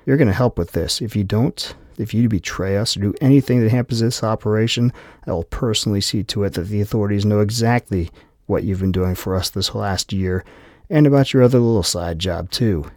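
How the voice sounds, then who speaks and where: A man's voice: lowish voice, a little fast, a little mellow, no room sound, studio quality, lightly acted. A man voicing a tough male operative who threatens in clipped, blunt phrases. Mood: menacing.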